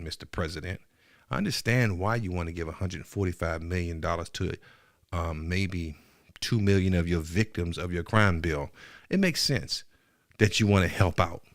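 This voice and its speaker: A man's voice: deep voice, a bit bright, no echo, studio quality. A man hosting a podcast, delivering a heated, profane political monologue that keeps building, with emphatic repeats. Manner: repetitive, emphatic. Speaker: podcast host.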